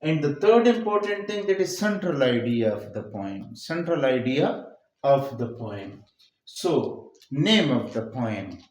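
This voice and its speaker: Lively, echoey-voiced man teaching poetry. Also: mid-range voice, takes it slowly. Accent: Pakistani English. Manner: repeats key phrases, explains step by step. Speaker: English teacher. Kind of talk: classroom lecture on poetry. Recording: echoey room.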